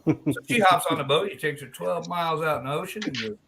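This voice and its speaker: A man hosting a live chat stream, telling long crude jokes in a loose, animated way. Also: a little high, quick pace, vocal fry, noisy background. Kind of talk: joke telling in casual chat.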